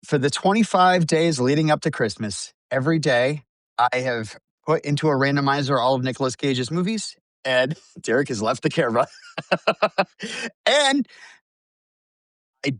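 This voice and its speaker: A man's voice: on the high side, expressive, moderate pace, fairly bright tone, dry recording. A man in his fifties chatting casually as a podcast co-host, wry and self-mocking, laughing often. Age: 50s. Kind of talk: casual chat.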